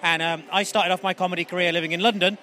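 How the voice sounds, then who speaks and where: A man, a comedian, chatting in an interview, quick and wry, often restarting sentences. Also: sits high, steady tone, sharp tone. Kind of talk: casual interview.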